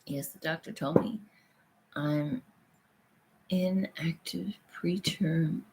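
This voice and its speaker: Her voice is lowish, slow and gravelly, heard against heavy background noise. She's a woman in her thirties running a home livestream, chatting casually through viewer comments with frequent laughter and swearing.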